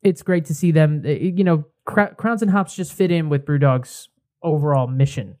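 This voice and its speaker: A man co-hosting a beer podcast in casual chat, easygoing and halting as he talks. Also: on the high side, darkish tone. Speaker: podcast co-host.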